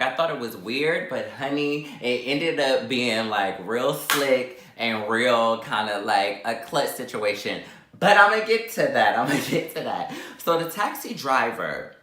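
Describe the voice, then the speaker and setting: A man's voice: sharp tone, echoey room. A man vlogger telling a dramatic storytime while eating, acting out every line with big swings in voice. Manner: dramatic, acts out quotes with big pitch jumps.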